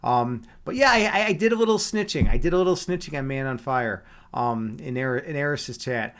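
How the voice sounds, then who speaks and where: Lively-pitched man chatting with viewers. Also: a little fast. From Chicago. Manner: joking, teasing, many restarts and fillers. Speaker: livestream host. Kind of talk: casual chat with viewers.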